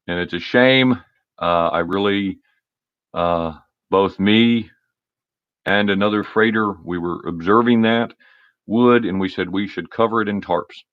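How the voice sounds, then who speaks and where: A man rambling on a solo livestream from his home cabin, talking into a laptop, halting and restarting often. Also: on the low side, lo-fi sound. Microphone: laptop microphone.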